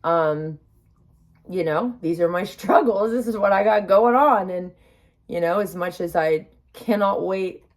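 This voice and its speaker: Speaking a little slowly in a lowish voice, a young woman vlogs casually to camera with her mouth numb from the dentist. Emotional yet chatty and upbeat, she keeps reassuring herself.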